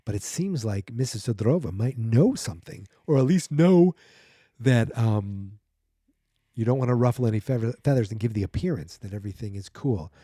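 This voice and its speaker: A man's voice: medium pitch, animated, normal speed, warm tone, breathy edge, no room sound, clean studio sound. A man hosting a podcast, recapping a comic book in a rambling, chatty way and acting out the scenes. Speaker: podcast host.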